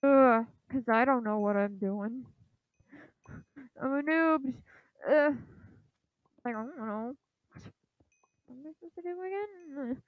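A woman giving casual commentary while she plays a video game. She sounds unsure and apologetic, uses many fillers, and urges the game on with quick repeated shouts. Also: high-pitched, no room sound. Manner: hesitant and apologetic, lots of fillers. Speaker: gaming channel host. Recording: tinny lo-fi, phone-like sound.

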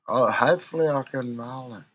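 A man's voice: mid-range voice, brisk, fairly bright tone, dull audio. A drunk man with an Australian accent, rambling and ranting in a crude, swearing monologue for his vlog. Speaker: vlogger.

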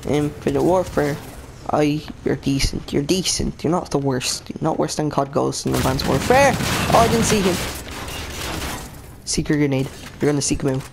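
Man doing excitable, sweary gameplay commentary. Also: on the high side, moderate pace, creaky, background noise. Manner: excitable, swearing, reacting to the match. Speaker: gaming channel host. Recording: game gunfire under the voice. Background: gunfire and explosions from the game.

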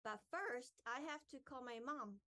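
A woman reading aloud, voicing an excitable, jumpy young boy in a storybook. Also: high-pitched, measured pace. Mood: chatty.

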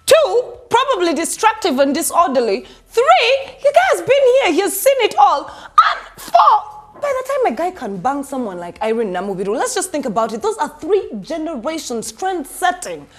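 A woman's voice: very high voice, huge pitch swings, moderate pace. A young woman hosting a celebrity gossip show, sarcastic and laughing as she talks straight to viewers. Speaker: entertainment news host. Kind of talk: sassy celebrity gossip commentary.

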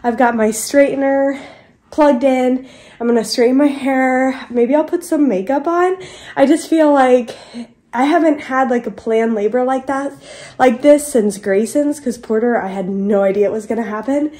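A woman in her thirties chatting excitedly to viewers in a casual vlog. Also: sits high, normal speed. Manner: bubbly, excited, talks straight to viewers. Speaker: vlogger. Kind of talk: casual vlog chat to camera.

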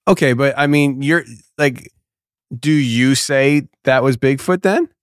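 A man hosting a podcast interview in casual chat, laid-back and quick to laugh. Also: mid-range voice, clear, resonant tone, dry recording, studio quality. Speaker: podcast host.

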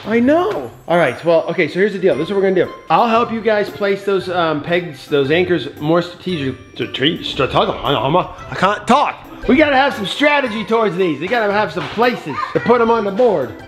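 A man hosting a family toy vlog, talking playfully and excitedly with his kids. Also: high-pitched, fairly quick. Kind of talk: casual family vlog chat. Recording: music bed under voice.

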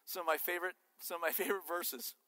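In a church sanctuary, a male pastor gives a fast, animated sermon and cracks jokes while he teaches. His high voice comes across bright and forceful, ringing with the long reverb of the hall.

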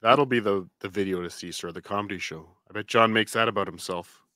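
Male co-host, lowish dry voice, deadpan quips, always says sir. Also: brisk, no room sound.

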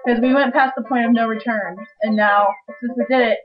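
A woman's voice: on the high side, fairly even intonation, faint music behind. A young woman joking playfully and laughing easily while co-hosting a game playthrough. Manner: goofy, playful, quick to laugh. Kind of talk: casual gameplay chat. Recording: dull lo-fi home recording.

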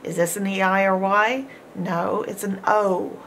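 A woman's voice: mid-range voice, fairly even intonation, a bit bright, a little hiss or hum. A woman teaching a phonics lesson, patiently sounding out each word and repeating it with encouragement. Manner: sounds out words slowly, repeating each one. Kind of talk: slow, deliberate phonics lesson.

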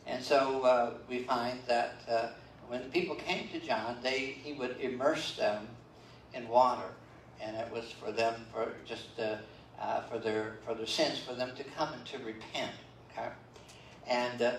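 Captured on a roomy, distant church livestream with a little hiss or hum, an older pastor delivers a sermon in the sanctuary. He has a mid-range voice and speaks conversationally, full of fillers and "okay?" check-ins.

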